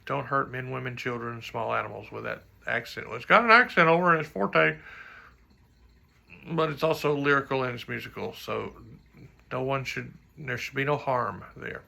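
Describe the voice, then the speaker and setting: A man with a deeply gravelly, rough-edged voice and a bright, forceful tone coaches trombone audition pieces. He sings rhythms out loud to demonstrate articulation and talks through the flaws in his own playing, with a joking aside now and then. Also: normal speed. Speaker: trombone teacher. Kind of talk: music clinic instruction.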